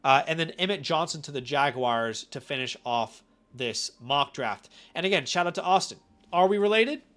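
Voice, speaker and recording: A man with a cold hosting a casual live stream, chatty and animated, often asking his viewers questions directly. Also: on the high side, normal speed. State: has a cold. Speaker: fantasy football live-stream host.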